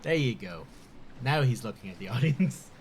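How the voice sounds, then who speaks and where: A man's voice: mid-range voice, animated, normal speed, a little hiss or hum. A man chatting casually on a live stream, talking with his mouth full and laughing often.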